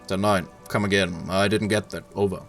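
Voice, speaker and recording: A man's voice: low voice, steady tone, normal speed, creaky, faint music behind. A man with a German accent voicing a formal police radio operator who talks in clipped radio codes.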